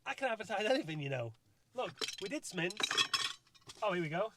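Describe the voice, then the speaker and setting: Cheeky high-voiced man outdoors. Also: big pitch swings, fairly quick. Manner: cheeky, playful, banters and shouts to passing riders. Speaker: presenter. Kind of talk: joking roadside vlog commentary. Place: outdoors by a race course in rain. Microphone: handheld mic. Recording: faint outdoor street noise.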